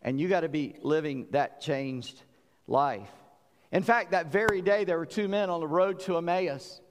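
A man's voice: fairly high pitch, moderate pace, in a large hall, a little hiss or hum. A man preaching a sermon, telling stories animatedly as he acts out voices. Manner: animated storytelling, acting out voices. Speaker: pastor.

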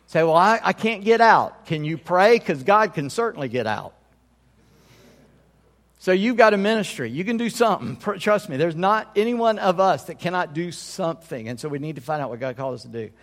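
A man's voice: fairly high pitch, animated, brisk, in a large hall. A man pastor preaching a sermon in a conversational way, often checking in with his congregation.

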